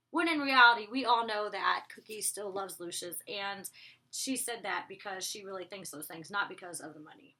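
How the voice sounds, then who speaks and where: Bright-voiced chatty woman reviewer. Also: mid-range voice, normal speed. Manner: chatty and rambling, with many "like"s and asides. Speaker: TV show reviewer. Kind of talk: casual vlog review.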